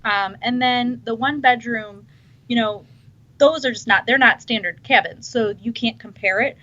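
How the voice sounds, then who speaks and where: A woman's voice: on the high side, normal speed, pushed and bright. A woman chatting casually on a podcast, enthusiastic and restarting her sentences often. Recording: dull lo-fi sound.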